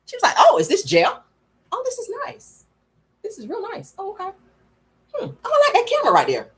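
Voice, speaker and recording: A woman's voice: very high voice, huge pitch swings, brisk, pitched above the performer's own voice, heavily acted. A woman voicing an imitation of a giddy, clueless woman who is happy to be in jail and chatty about the food. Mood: delighted.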